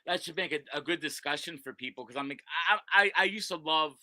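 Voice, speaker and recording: Man, brassy bright tone, dry close sound, rambling guest storyteller. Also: on the high side, quick pace, no room sound. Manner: rambling storyteller, many restarts. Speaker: guest, sports website owner. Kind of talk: casual podcast chat. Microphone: video call.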